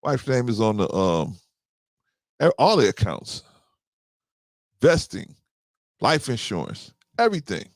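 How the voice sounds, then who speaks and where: A gravelly man of about fifty chats loosely with his listeners, and his pitch rises and falls a lot. He often circles back with "right?" and repeats his points. The sound is dry and close, with no room echo. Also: very animated, a little slow, long pauses. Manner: conversational, repeats himself, often asks "right?". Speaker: podcast host. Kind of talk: casual talk to listeners.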